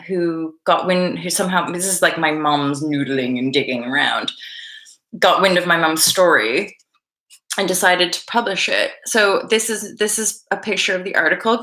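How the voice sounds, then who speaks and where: A woman's voice: on the low side, fairly bright tone. A woman in her thirties hosting a vlog, chatting to camera in a rambling, laughing way with some swearing. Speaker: vlog host. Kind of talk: casual chat to camera. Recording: echoey room.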